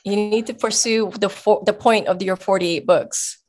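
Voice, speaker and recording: Woman coach talking it through, emphatic and animated, mid-pitched voice. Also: moderate pace. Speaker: guest coach. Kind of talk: casual advice talk.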